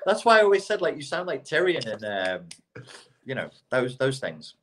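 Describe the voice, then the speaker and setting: A middle-aged British man co-hosting a casual podcast, talking in an animated, ranting way and swearing freely. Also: fairly high pitch, normal speed. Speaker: podcast co-host.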